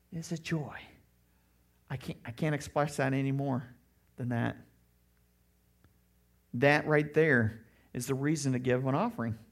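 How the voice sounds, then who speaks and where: A middle-aged male pastor preaches a sermon with animated liveliness, frequently bursting into loud, mocking voices. His pitch is medium, with a creaky quality.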